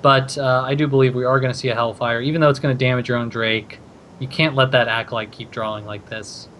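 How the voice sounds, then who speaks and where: A man's voice: mid-range voice, steady tone, fast talker, a bit bright, slight background noise. A man casting a card game tournament, talking through each play with plenty of thinking-aloud fillers. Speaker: esports caster.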